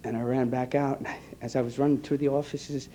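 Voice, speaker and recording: A man, an EMT giving an earnest personal testimony to an audience, halting and repeating his words. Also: mid-range voice, level tone, mellow, slight background noise. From New York. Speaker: EMT speaking to a conference.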